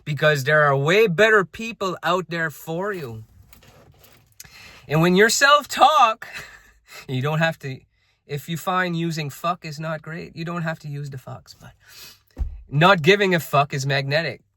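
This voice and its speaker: A man's voice: a little high, expressive, unhurried, bright, forceful tone, no echo, studio quality. Blunt, swearing motivational coach, a man. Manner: blunt, emphatic, swears freely. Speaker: self-improvement coach. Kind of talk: unscripted motivational talk.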